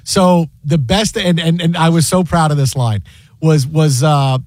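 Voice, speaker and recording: A male sports broadcaster with a high voice chats and tells stories in an animated, repetitive way. The sound is dry and close. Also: measured pace, dry recording. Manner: animated, many repeated words. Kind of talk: casual storytelling chat.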